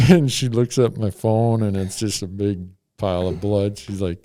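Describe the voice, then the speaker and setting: A man's voice: lowish voice, steady tone, normal speed, hardly any pauses, dark tone, dry recording. A middle-aged man, a podcast host, telling a story in a laid-back, wry way. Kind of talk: casual storytelling.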